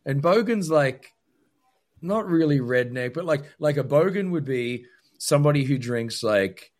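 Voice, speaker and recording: A man's voice: on the high side, animated, unhurried, a little mellow. A man with an Australian accent co-hosting a podcast, telling stories in a rambling way full of "like". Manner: rambling, filler-heavy storytelling with frequent "like". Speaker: podcast co-host. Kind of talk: casual chat.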